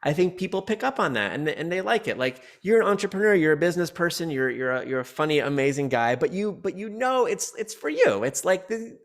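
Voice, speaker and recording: A man's voice: on the high side, very animated, brisk, hardly any pauses. A male comedian, a guest on a podcast, talking in a playful, rambling way and laughing often. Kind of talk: casual podcast chat.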